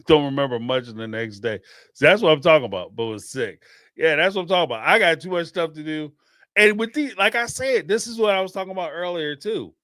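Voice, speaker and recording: A middle-aged man hosts a casual podcast chat, telling rambling stories and laughing often. His pitch swings widely as he talks. The recording is dry, with almost no room sound. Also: a little fast, dry recording. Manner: laughing, rambling, animated storytelling. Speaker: podcast host.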